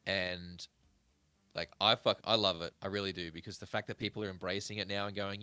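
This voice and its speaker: Lively, bright-voiced male podcast host. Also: low-pitched, a little fast, clean tone, no echo. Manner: animated, swearing, rambling. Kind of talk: casual chat.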